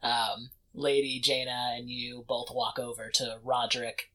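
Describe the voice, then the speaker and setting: Laid-back game master, bright voice, narrating between laughs. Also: mid-range voice, little pitch movement, unhurried. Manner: laughing, easygoing, with many fillers. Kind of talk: narrating a tabletop role-playing game.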